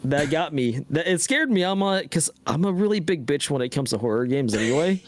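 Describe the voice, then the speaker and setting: A man's voice: on the high side, very animated, a little fast, a little hiss or hum. A man co-hosting a gaming podcast, animatedly retelling his own reactions with a lot of swearing. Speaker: podcast co-host. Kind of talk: casual gaming chat.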